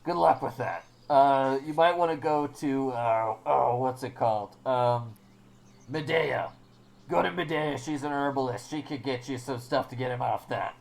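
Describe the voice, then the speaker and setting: A man voicing a grouchy male town guard who speaks in a curt, gruff way during a tabletop game. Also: medium pitch, a little slow.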